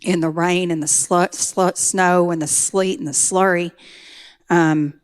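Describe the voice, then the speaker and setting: A middle-aged woman shares the story of her recovery, her smooth, lowish voice moving slowly with fairly even intonation. What starts as an earnest testimony grows into pleading intensity.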